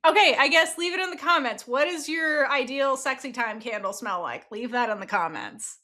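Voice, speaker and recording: A woman co-hosting a casual podcast, reviewing a TV series in an animated way, laughing often and swearing freely. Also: sits high, normal speed. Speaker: podcast co-host.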